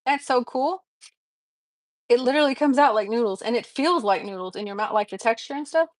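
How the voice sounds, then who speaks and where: A woman's voice: fairly high pitch, brisk, dry recording. A woman hosting a casual livestream from her kitchen, chatting to viewers and laughing often. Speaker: livestream host.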